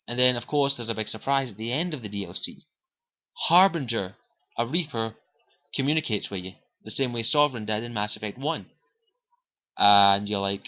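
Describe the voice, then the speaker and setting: A man of ordinary pitch gives a loose, profanity-laced review of a game, retelling the story and slipping into quick impressions of the characters. His voice comes through a dull, lo-fi home recording. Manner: profane, rambling retelling with acted quotes. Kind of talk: casual spoken game review.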